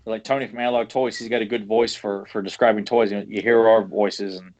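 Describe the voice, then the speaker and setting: A man's voice: on the low side, fairly even intonation, brisk, a little mellow. A man from the Southern US with a Southern accent, co-hosting a casual podcast in a rambling, profane way. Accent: Southern American. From Southern United States. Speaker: podcast co-host.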